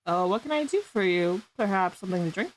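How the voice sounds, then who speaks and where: A woman's voice: medium pitch, animated, quick pace, a little hiss or hum. A woman streamer doing giggly, playful improvised role-play, stumbling over made-up fantasy names.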